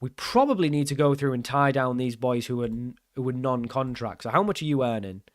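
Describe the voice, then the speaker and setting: A young man talks through a management game as he plays, thinking aloud and often puzzled by the rules, poking fun at himself along the way. His voice sits at an ordinary middle pitch, recorded close and dry with no room sound. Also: expressive, brisk, dry recording. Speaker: gaming channel host. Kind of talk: casual gameplay commentary.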